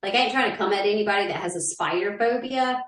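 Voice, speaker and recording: A woman, co-hosting a casual podcast, blunt and animated. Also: fast, reverberant, far from the mic. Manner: animated, swinging pitch, blunt and profane. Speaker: podcast co-host. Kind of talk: casual chat.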